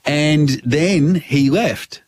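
A man's voice: a little high, drawn-out words, a little mellow, a little hiss or hum. A man, a radio host, telling a story in casual chat and acting out both sides of it.

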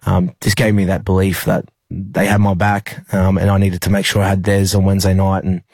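A young Australian man, a rugby league player, telling a personal story in an interview, halting with many fillers and restarts. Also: low voice, completely flat delivery, gravelly, darkish tone, husky, no room sound.

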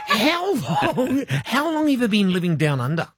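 A man with an Australian accent co-hosting a casual radio chat, boisterous, with loud laughter and blokey slang. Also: sits high, huge pitch swings, moderate pace, noisy background. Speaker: radio co-host.

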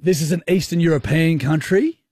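A man's voice: on the high side, fairly quick, darkish tone, dry recording, clean studio sound. A man hosting a radio quiz, teasing contestants along with cheeky hints.

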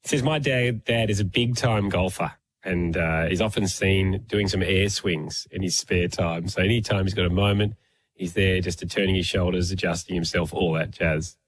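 A man's voice: sits low, normal speed, slightly rough, no echo. A man in his thirties co-hosting a podcast, reading listener messages and telling stories with a chuckle. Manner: dry storytelling, chuckles at own jokes. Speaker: podcast co-host. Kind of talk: casual chat, reading listener emails.

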